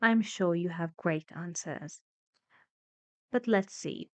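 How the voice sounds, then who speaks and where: A woman's voice: fairly low pitch, dry recording. A woman English teacher explaining a listening exercise in a video lesson, patient and encouraging. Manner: patient, encouraging, slightly halting.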